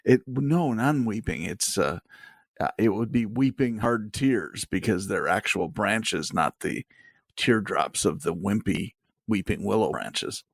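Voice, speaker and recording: A man co-hosting a casual podcast chat, jokey and quick to laugh, often stumbling and restarting as he talks. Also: on the low side, lively intonation, gravelly, breathy edge, no room sound, clean studio sound. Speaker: podcast co-host.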